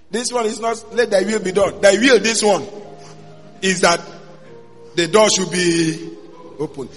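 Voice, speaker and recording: A man, a pastor telling his story in a sermon, dropping to a hush and then bursting into shouts. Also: sits high, takes it slowly, pauses often. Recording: long hall reverb with faint music.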